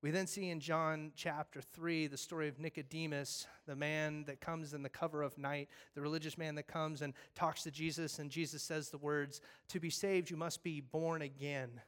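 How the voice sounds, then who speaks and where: Recapping scripture in a relaxed, joking sermon, this male pastor tells stories animatedly and acts out the voices, chatting conversationally along the way. He speaks at normal speed with hardly any pauses, in a fairly high, clean-sounding voice.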